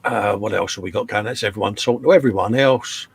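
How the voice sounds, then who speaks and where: A man's voice: lowish voice, quick pace, creaky, breathy edge, no echo. Chatty man hosting a live stream. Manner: chatty, reads out viewer names, says "mate". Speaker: host. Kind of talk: casual live-stream chat while building a model kit.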